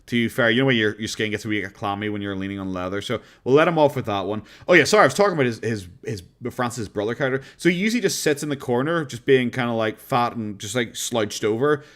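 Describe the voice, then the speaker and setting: A man's voice: mid-range voice, expressive, quick pace, few pauses, fairly bright tone. A man with an Irish accent chatting casually on a reaction stream, in an easygoing, rambling way.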